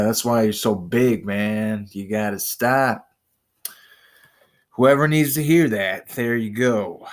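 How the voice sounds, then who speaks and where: A young man from the US in a casual home vlog, chatting and rambling to viewers from his bedroom. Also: lowish voice. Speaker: vlogger.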